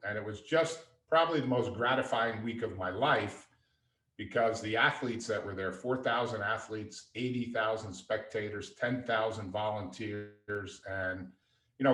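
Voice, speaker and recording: A man telling stories as a guest in a podcast interview, lively and anecdotal. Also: fairly low pitch. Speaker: guest, father and entrepreneur. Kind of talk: conversational storytelling. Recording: echoey room, distant mic.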